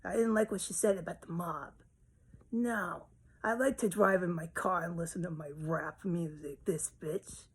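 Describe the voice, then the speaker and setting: Woman putting on a cruel sadist, low hushed murmur, gloating, smug. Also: steady tone, moderate pace, husky.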